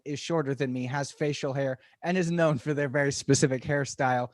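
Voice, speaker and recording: A man's voice: on the high side, fairly quick, no room sound, clean studio sound. A man hosting a comedy show, giving a wry opening monologue and introducing comics. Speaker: show host.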